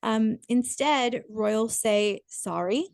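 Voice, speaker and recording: A woman's voice: fairly high pitch, extremely slow, darkish tone, dry recording. A woman co-hosting a podcast in casual chat, talking in a chatty way that often breaks off and restarts, with lots of fillers. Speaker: podcast co-host. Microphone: podcast microphone.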